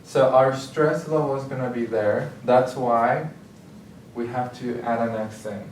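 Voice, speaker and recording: A man's voice: mid-range voice, fairly even intonation, unhurried, darkish tone. Man tutoring in an echoey room. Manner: step-by-step explaining, checks in with "okay?". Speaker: Spanish tutor. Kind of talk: recorded grammar lesson. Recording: echoey room, mic at a distance, faint hiss.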